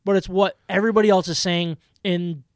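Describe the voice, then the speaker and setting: A man with a notably high voice chats about football as a podcast co-host, excitable and quick to laugh, with plenty of restarts. His voice sounds close and dry, with no room around it. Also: dry recording. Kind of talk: casual sports chat.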